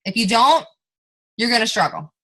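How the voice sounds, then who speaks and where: Bright-voiced upbeat woman coaching sales. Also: big pitch swings, normal speed, low-quality recording. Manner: upbeat, coaxing, role-plays scripted pitches to friends. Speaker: network marketing team leader. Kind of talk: motivational sales coaching on a group video call.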